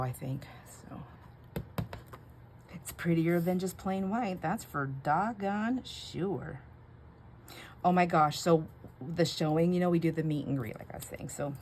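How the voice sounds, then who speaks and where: A woman's voice: sits low, gravelly. A middle-aged woman chatting and rambling casually while making labels at home, laughing often and musing aloud. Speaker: crafting vlogger. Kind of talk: casual chatty crafting vlog. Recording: home recording with steady background noise.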